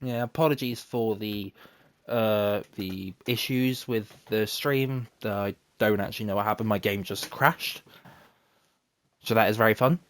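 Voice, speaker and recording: A man giving chatty live commentary on an online racing league, talking in quick bursts. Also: lowish voice, fairly bright tone. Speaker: race commentator.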